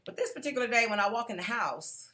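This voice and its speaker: A woman's voice: on the high side, animated, fast talker, pushed and bright. A woman giving an earnest personal testimony, speaking directly to a live audience and calling out to them as she goes.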